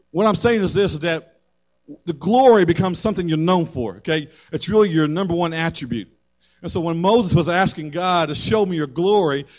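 A man preaching to a congregation in a somewhat high voice. He preaches with animation, swelling loud for emphasis and then sinking low. He breaks off for quick jokes and asides to the room. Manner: animated preaching, rising and dropping in loudness, quips to the congregation. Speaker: pastor. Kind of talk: sermon.

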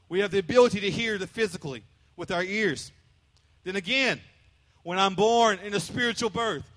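Male pastor, high-pitched, emphatic sermon delivery with playful asides. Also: a bit bright. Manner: preachy and emphatic, with call-and-response and playful imitations.

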